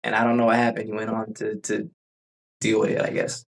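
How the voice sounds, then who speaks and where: A man's voice: on the low side, completely flat delivery, brisk, vocal fry. A man chatting casually on a podcast, telling rambling stories with frequent restarts. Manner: rambling storyteller, restarts often. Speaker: podcast host. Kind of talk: casual chat.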